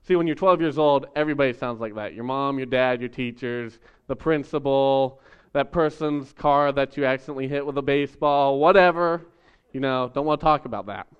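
A man preaching a sermon in a relaxed, conversational way, acting out voices as he tells stories. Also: medium pitch, fairly quick, clean tone, muffled recording. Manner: conversational, animated storytelling with acted voices. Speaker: pastor.

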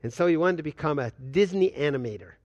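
An older man preaching a sermon as a pastor, swinging between loud and hushed delivery and acting out quoted dialogue. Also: a little high, expressive, quick pace, dry recording, highs cut off. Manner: acts out dialogue with God in quoted voices.

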